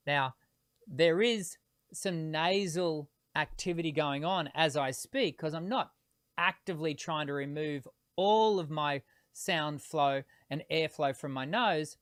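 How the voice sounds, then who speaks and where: A man hosting a live singing Q&A as a voice teacher, explaining technique patiently and pausing to demonstrate tones, with frequent hesitations between points. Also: on the high side, a bit bright, smooth, dry recording, clean studio sound. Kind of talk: live-streamed Q&A.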